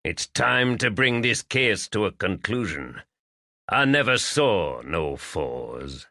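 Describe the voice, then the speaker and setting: A man voicing a big, gruff middle-aged farmer who speaks bluntly and defiantly. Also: fairly low pitch, sing-song, slow, sharp tone, no echo, studio quality, full character voice.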